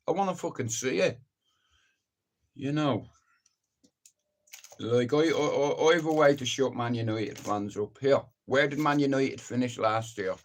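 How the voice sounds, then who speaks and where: A middle-aged man speaks at an ordinary, mid-range pitch, hosting a live stream. He rants in a blunt, opinionated way, swearing freely and rambling from one point to the next. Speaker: livestream host. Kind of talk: casual live-stream rant.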